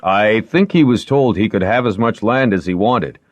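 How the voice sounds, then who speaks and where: A man's voice: lowish voice, moderate pace, no echo, pitched above the performer's own voice, natural voice. A man reading aloud and voicing a plain, matter-of-fact male steward.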